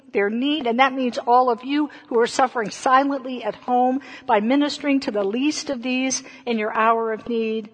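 A woman pastor giving an earnest Easter sermon and prayer, with rhythmic, repeated phrases. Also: fairly high pitch. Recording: long hall reverb.

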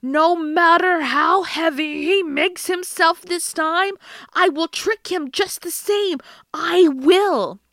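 A woman voicing a sly, greedy old female troll hag who talks slowly and wheedles. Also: high voice, fairly bright tone, no room sound, studio quality. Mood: furious.

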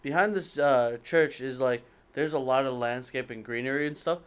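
A man's voice: mid-range voice, normal speed, smooth. A young man telling a long story to friends, rambling and hesitant, with lots of fillers and self-corrections. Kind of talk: casual storytelling among friends.

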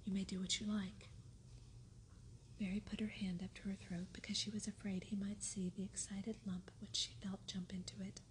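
Softly whispering woman storyteller, whispered role-play. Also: medium pitch, level tone, a little fast, hardly any pauses, a little hiss or hum. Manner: soft, unvoiced whisper. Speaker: audiobook reader.

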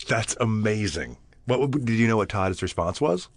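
Man, actor guest on a podcast, low voice, dry close sound, laid-back storytelling, laughs easily. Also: moderate pace, no echo. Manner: relaxed anecdotes, laughs easily, acts out quotes. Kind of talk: casual chat. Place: small studio room.

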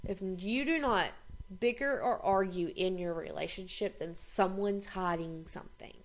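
A young woman chatting candidly on a podcast, blunt and quick to swear. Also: mid-range voice. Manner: blunt, heavy swearing, speeds up when worked up. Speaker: podcast co-host. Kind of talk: candid casual chat.

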